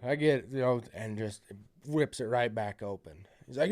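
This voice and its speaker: A man's voice: medium pitch, moderate pace, darkish tone. A man on a podcast telling a long story in a rambling, profane way, full of fillers. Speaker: podcast guest. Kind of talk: casual storytelling.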